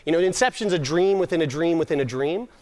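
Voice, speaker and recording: A young man from Nova Scotia with a fairly high voice tells funny stories about himself to a summit audience. He often restarts his sentences and uses comic timing. His tone is self-mocking. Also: expressive, fast, a little mellow. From Nova Scotia, Canada. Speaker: summit speaker. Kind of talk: humorous personal storytelling talk.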